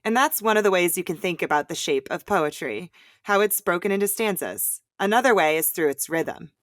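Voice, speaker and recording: A woman's voice: on the low side, lively intonation, a little fast, fairly bright tone, dry recording. Upbeat woman teaching poetry, dry sound. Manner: clear, upbeat, chanting rhythms aloud. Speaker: host of a poetry lesson. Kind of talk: scripted educational explanation.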